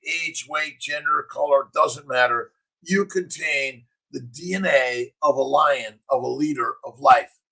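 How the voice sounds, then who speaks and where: A middle-aged physician hosting a casual morning livestream, preaching in punchy slogans and answering chat comments. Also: male voice, a little high, creaky, fairly bright tone, breathy edge, poor audio.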